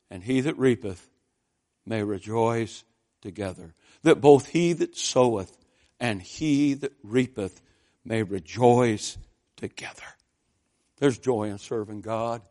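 A man preaching a sermon, telling folksy stories in a conversational way and building to loud, fervent exhortation. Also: mid-range voice, measured pace.

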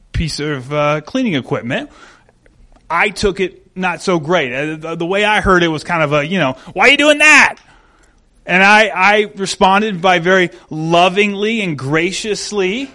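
Man preaching in a candid storytelling way. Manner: candid, self-deprecating storytelling; rises loud and high when acting out quotes. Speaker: pastor. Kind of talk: sermon.

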